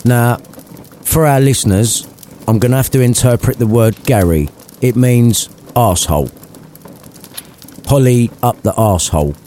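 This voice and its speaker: A man's voice: mid-range voice, moderate pace, pauses often, mellow, slight background noise. A man narrating a crude comic retelling with cheeky asides.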